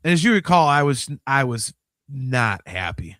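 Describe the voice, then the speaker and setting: A man of about fifty, hosting a podcast in casual chat, animated and swearing freely, swinging between mumbling asides and loud outbursts. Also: medium pitch, normal speed, no echo, clean studio sound. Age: 50s. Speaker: podcast host.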